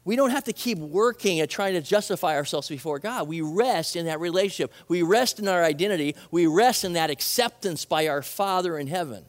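A man's voice: high-pitched, a little fast, hardly any pauses. A man preaching a sermon as pastor, earnest and conversational, repeating key words for emphasis.

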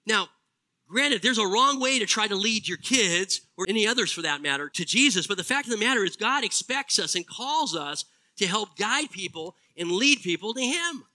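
Bright, high-voiced male pastor preaching. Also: expressive, rough recording. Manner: preaching earnestly with emphatic slowed phrases. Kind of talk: sermon.

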